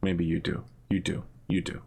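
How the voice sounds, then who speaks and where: A man narrating as game master, relaxed and chuckling, with frequent fillers. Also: low-pitched, moderate pace, vocal fry.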